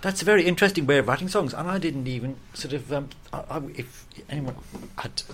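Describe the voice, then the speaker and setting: A man's voice: a little high, fast talker, a bit bright, a little hiss or hum. A man hosting a casual interview, talking in a rambling, chatty way with lots of fillers. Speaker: radio host.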